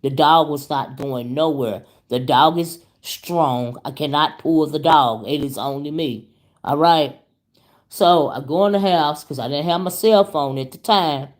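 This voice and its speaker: A woman whose voice sits low and unhurried tells a story to her vlog viewers. The YouTube commentary host keeps it casual, animated, and chatty, addressing people as "y'all" and "child."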